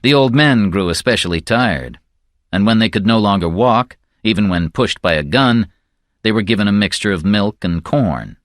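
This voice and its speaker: Male audiobook narrator, low and somber, slow measured read, dry close recording. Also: expressive, a bit bright, no echo.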